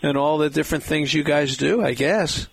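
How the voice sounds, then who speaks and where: Gravelly-voiced male radio host. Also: fairly high pitch, normal speed. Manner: chatty storyteller. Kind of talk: casual radio interview.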